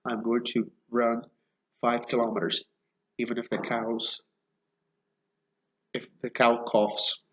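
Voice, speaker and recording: A man teaching idioms in a video lesson, speaking slowly and explaining patiently. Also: mid-range voice, completely flat delivery, fairly bright tone, dull audio, slight background noise. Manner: slow, explanatory, repeats phrases and checks with "okay?". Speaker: Portuguese teacher.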